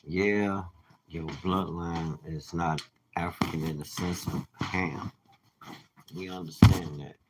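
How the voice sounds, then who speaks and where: An American man who calls himself a teacher gives his viewers a blunt, profane, preachy rant in a casual monologue. His low voice stays steady and slow, and the recording is noisy.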